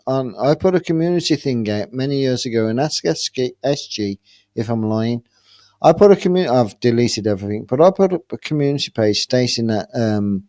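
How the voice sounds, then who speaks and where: A man's voice: medium pitch, a little mellow, no room sound. A man in casual live-stream debate, rambling with restarts and calling others "mate". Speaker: panel speaker.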